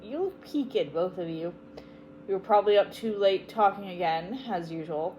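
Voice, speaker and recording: Woman reading a soft-spoken, motherly aunt, gentle and fond. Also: medium pitch, moderate pace, slight background noise, close to an everyday voice, low-quality recording. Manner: gentle, soft, fondly teasing. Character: kind, motherly aunt, middle-aged woman.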